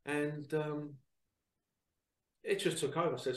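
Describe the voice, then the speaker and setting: A man hosting a show, talking casually to viewers in a chatty, animated storytelling way that repeats phrases. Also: mid-range voice, a little slow, far from the mic. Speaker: psychic reader and show host. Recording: roomy sound, away from the mic.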